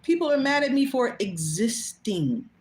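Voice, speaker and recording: A woman's voice: a little high, sing-song, measured pace, darkish tone. A woman hosting her own show, talking bluntly and casually, swearing freely and laughing often. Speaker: host. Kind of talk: casual monologue. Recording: echoey room.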